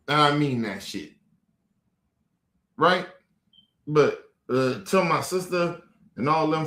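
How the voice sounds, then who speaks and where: A man's voice: a little high, expressive, takes it slowly, pauses often, a bit bright, roomy sound. A man streaming a heated, profane rant, repeating himself over and over to his viewers. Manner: profane and repetitive, talking to the viewers.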